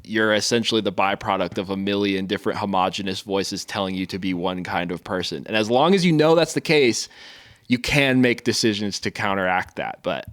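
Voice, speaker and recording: A man co-hosting a podcast in loose, joking casual chat, quick to laugh, talking over a video call. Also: fairly low pitch, a bit bright, dry recording, studio quality. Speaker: podcast co-host.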